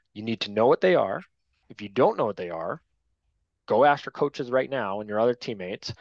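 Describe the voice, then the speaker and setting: A man leads a training class for new officials, talking in a straight, no-nonsense way and checking in with "right?" after his points. His voice sits at an ordinary middle pitch. The recording is dull and lo-fi, with a dry, close sound. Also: dry recording. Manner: direct, to-the-point, frequent tag "right?".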